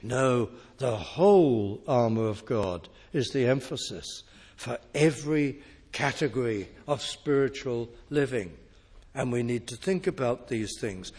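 A man preaching a sermon in a measured, emphatic way, pausing deliberately between phrases. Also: medium pitch, expressive, a little mellow, breathy edge. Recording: long hall reverb.

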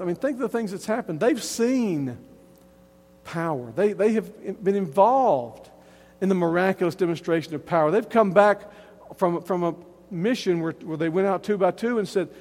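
A man's voice: high voice, lively intonation, moderate pace, darkish tone, big-room sound. A man preaching a sermon, emphatic and earnest, often restarting his phrases as he builds a point. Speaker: pastor.

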